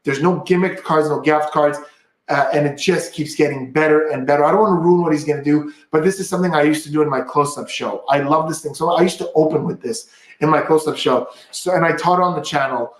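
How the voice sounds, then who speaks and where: A man's voice: fairly high pitch, brisk, reverberant. A man hosting a casual magic livestream, upbeat and chatty, walking through a card trick step by step.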